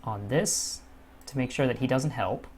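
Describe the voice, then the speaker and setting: A man giving casual let's-play commentary as a gaming channel host, swearing freely and moving from low muttering to frustrated outbursts. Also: measured pace, darkish tone, slight background noise.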